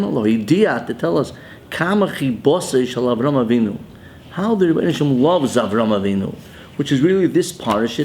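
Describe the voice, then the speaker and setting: Older rabbi with a gravelly voice. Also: male voice, medium pitch, darkish tone, slight background noise. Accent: Ashkenazi Hebrew pronunciation. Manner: mixes Hebrew and Yiddish terms into English. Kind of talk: Torah sermon.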